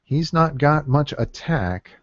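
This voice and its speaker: A man talking through his card picks at an unhurried pace, musing aloud and counting cards under his breath. His voice sits mid-range, recorded close on a dry, dull lo-fi mic. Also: fairly high pitch, expressive, no room sound. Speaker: gameplay commentator. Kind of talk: casual deck-building commentary.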